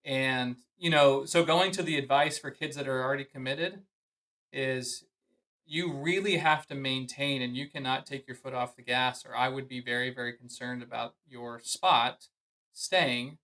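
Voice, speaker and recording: A man's voice: mid-range voice, steady tone, normal speed, sharp tone, rough recording. A man who coaches golf, giving earnest, emphatic advice in a podcast conversation. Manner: earnest, emphatic advice with frequent "I mean" and "you know".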